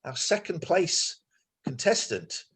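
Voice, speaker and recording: A man's voice: fairly high pitch, very animated, a bit bright, husky. A man hosting a casual meeting over a video call, joking and teasing the other people taking part. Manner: jokey, quick to tease. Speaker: host running a monthly production meeting.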